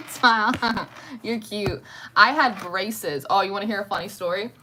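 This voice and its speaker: A woman's voice: medium pitch, slow, bright, forceful tone, a little hiss or hum. A woman chatting casually from home on a livestream, rambling and greeting viewers by name. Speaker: livestream host. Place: at home at night.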